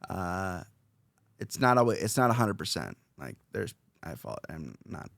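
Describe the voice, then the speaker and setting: A young man with a low, gravelly voice talks through his thoughts on a podcast. He rambles and circles back with fillers and restarts. The sound is dry and close, with little room around it. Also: very animated, unhurried, fairly bright tone, dry recording. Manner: rambling, self-reflective, many fillers and restarts. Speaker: podcast host, interviewed as guest. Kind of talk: casual podcast chat.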